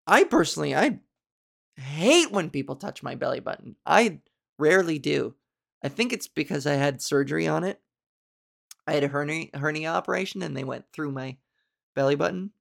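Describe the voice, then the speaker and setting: A woman's voice: low voice, expressive, moderate pace, gravelly. A woman comedian hosting a podcast, telling stories in a casual, chatty way with wry, self-mocking asides. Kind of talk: casual comic storytelling.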